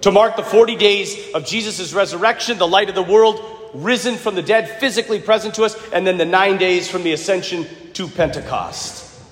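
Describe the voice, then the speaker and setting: A fired-up male preacher with a high, lively voice that swings widely from low murmurs to ringing shouts. He preaches a sermon in a large church, and every word rings out with a long, echoing reverb. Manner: impassioned, rising to shouts, acts out quoted voices. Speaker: priest.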